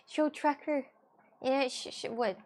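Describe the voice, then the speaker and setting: A woman with a chatting casually to her viewers, rambling and restarting with many fillers. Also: fairly high pitch. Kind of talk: casual chat.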